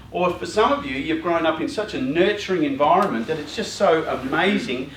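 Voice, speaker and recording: Male youth speaker, casual and jokey, lots of fillers; voice on the higher side, recorded far off in an echoey hall. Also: brisk, a little hiss or hum. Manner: chatty and joking, rambling with many fillers and asides. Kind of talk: informal talk to a youth group. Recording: roomy hall, voice far from mic.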